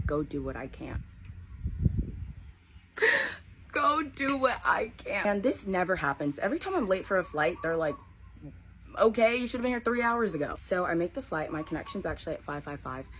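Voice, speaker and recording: Low-voiced woman telling a story. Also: fairly quick. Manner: animated, acts out quoted voices. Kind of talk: casual storytime vlog. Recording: noisy background ambience.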